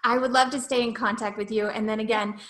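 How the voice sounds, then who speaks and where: A woman's voice: on the high side, steady tone, quick pace, a bit bright. Upbeat woman host in a roomy space. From Canada. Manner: upbeat, enthusiastic wrap-up. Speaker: podcast host. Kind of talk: casual interview chat.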